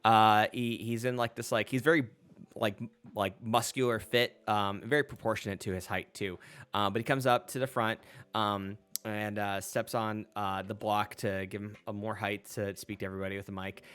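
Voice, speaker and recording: A man's voice: lowish voice, fairly even intonation, normal speed, fairly bright tone, smooth. A man working as game master, narrating a tabletop game in a loose, chatty way full of fillers and restarts.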